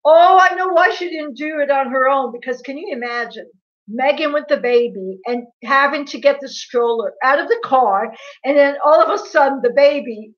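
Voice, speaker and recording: A woman chats casually on her livestream in a fairly high voice. She gossips, laughs, and answers viewers by name. The audio is dull and lo-fi, as from a built-in mic. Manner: gossipy, laughing, reads viewer comments aloud. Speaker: livestream host.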